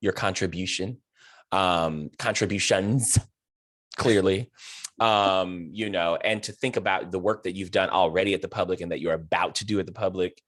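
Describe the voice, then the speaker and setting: A man's voice: low voice, fairly even intonation, moderate pace, a bit bright, no room sound, clean studio sound. A man hosting a video-call interview, talking in an effusive, emotional way with many fillers and restarts. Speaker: host.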